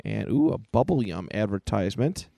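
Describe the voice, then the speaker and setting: A man's voice: lowish voice, big pitch swings, normal speed, gravelly, warm tone, no echo. A man co-hosting a casual podcast, enthusiastically retelling an old comic book aloud. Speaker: podcast co-host. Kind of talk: casual chat.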